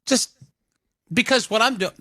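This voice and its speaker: A man co-hosting a casual morning radio show, telling animated stories and laughing easily in a studio. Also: on the high side, no echo. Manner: animated storytelling, quick laughs. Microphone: studio microphone.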